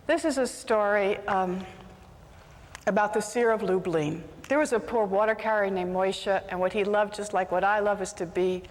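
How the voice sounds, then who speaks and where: A woman telling a folk tale aloud with animated, dramatic delivery, shifting into character voices. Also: medium pitch, long reverb tail. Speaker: storyteller. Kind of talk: live oral storytelling.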